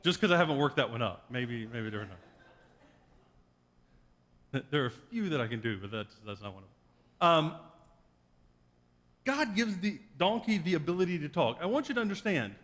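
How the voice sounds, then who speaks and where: A male pastor preaches in a wry, joking storyteller's way, his voice pitched a little high for a man. A long reverb from the church sanctuary trails every phrase. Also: sing-song, normal speed, pauses often, fairly bright tone. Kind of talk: sermon.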